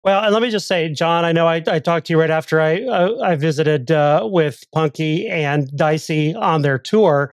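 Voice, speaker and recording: A man's voice: a little high, moderate pace, few pauses, no echo. A man co-hosting a podcast interview, enthusiastic and chatty with plenty of fillers. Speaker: podcast co-host. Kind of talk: casual interview.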